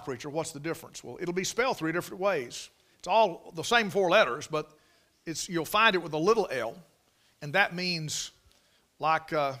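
An American man preaching a King James sermon, emphatic and folksy, repeating phrases and swinging between loud proclaiming and quiet asides. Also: fairly high pitch. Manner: folksy, with stumbles and restarts.

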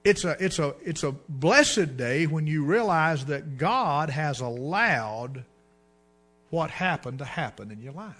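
A man's voice: animated, a little slow, a bit bright. A man preaching a sermon in a folksy storytelling way, acting out the people in his stories. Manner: folksy storytelling, acts out dialogue with rising pitch and volume.

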